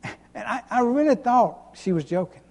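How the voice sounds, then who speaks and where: A pastor preaching an emphatic sermon, repeating himself and chuckling between points. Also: male voice, extremely high pitch, animated, normal speed, vocal fry. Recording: long hall reverb.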